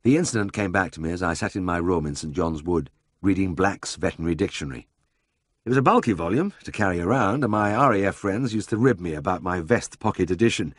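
A man reads a first-person memoir in a measured storytelling manner. His voice sits fairly low with a husky grain and an animated melody, recorded dry and close. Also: no echo. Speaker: audiobook narrator.

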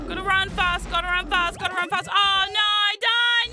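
Very high-pitched excitable woman gamer. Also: a little fast, few pauses. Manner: excitable, shrieking and swearing at the game; self-mocking, chatty asides to viewers. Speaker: VTuber streamer playing a video game. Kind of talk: live gameplay commentary. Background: game music.

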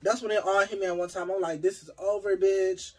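A young adult vlogger telling a personal story in a casual, animated, profane and dramatic way. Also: medium pitch, brisk, breathy edge, faint music behind.

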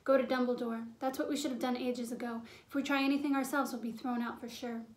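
A woman's voice: a little high, little pitch movement, fast talker, reverberant, close to an everyday voice. A woman voicing a sensible young schoolgirl who speaks firmly and matter-of-factly.

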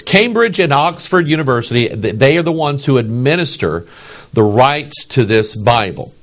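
Animated American pastor preaching. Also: male voice, mid-range voice, normal speed. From United States. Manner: animated, emphatic, asks the audience "okay?". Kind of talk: sermon.

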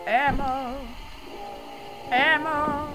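During a horror game let's play, a high-voiced female streamer gets jumpy, cursing often and shouting at enemies. She talks extremely slowly with fairly even intonation, over loud game music.

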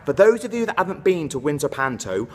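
Speaking fast and very animated in a slightly high voice, a man performs as a comedy character in a vlog. Breathless after dancing in a dance hall, he rattles off camp, self-promoting showbiz chatter.

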